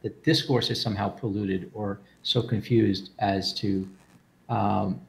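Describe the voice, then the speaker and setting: Man, low gravelly voice, casual explainer who stumbles and repeats words while he works out his point. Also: a little mellow. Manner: thoughtful, with frequent restarts and repeated words. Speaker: speaker explaining philosophy.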